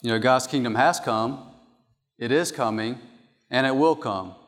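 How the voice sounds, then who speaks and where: A man's voice: mid-range voice, a little slow, a bit bright. A man preaching a sermon from an outline, emphatic and repeating his key points. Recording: long hall reverb.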